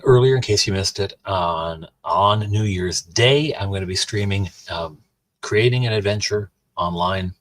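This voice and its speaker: A man's voice: sits low, dry recording. A man rambling in casual chat with his livestream viewers, full of restarts and asides. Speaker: streamer and host.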